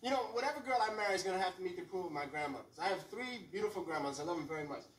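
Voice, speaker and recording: Animated stand-up comedian man. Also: high voice, racing. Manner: animated, storytelling, lots of voices. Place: comedy club stage. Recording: roomy club sound from far off, faint room noise.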